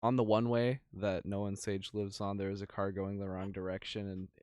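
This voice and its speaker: A man's voice: fairly low pitch, level tone, moderate pace, darkish tone, smooth, no room sound, studio quality. A young man co-hosting a podcast in casual chat, rambling and crude, with lots of "like". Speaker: podcast co-host.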